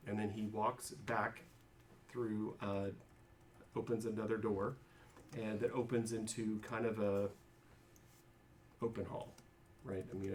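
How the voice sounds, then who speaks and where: A man's voice: on the low side, a little hiss or hum. A man narrating a tabletop game as game master, describing scenes with many fillers and restarts.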